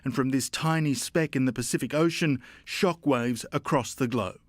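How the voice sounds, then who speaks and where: A man's voice: mid-range voice, dry recording, clean studio sound. Male news reporter narrating. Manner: measured, formal delivery.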